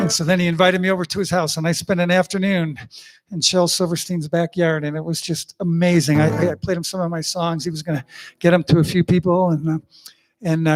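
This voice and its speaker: A man hosting a living room concert, chatting casually and rambling between songs with plenty of fillers. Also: on the high side. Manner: rambling, folksy, full of fillers and asides. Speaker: singer-songwriter hosting an online concert. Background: guitar.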